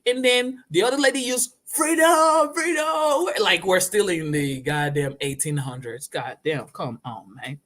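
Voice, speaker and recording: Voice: mid-range voice, normal speed, few pauses, a bit bright. A streamer giving casual reaction commentary in loose slang, often repeating himself.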